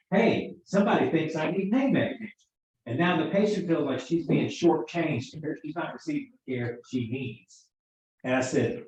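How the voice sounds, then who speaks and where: A man's voice: mid-range voice, darkish tone, a little hiss or hum. Chatty male instructor in echoey room. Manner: chatty storyteller, acts out quoted dialogue. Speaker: EMT instructor. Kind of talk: classroom lecture with stories. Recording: echoey room, far from mic, dull sound.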